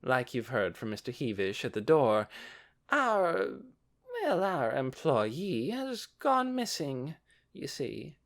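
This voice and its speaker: A man voicing a sly, scheming male store owner who speaks smoothly and with false politeness in an audiobook. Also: medium pitch, big pitch swings, takes it slowly, a bit bright, pitched above the performer's own voice, exaggerated voice.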